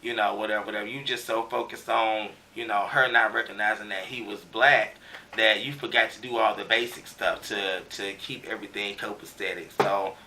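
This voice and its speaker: A man's voice: lowish voice, steady tone, normal speed, bright, forceful tone, distant mic, a little hiss or hum. A man giving a casual recap of a TV episode, talking loosely with slang and lots of fillers. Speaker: TV show recap reviewer.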